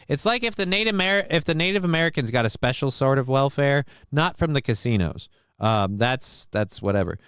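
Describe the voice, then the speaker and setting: A man's voice: on the low side, clean tone, no echo. A man hosting a casual live-stream talk show, rambling and sardonic with many fillers and restarts, on a close mic.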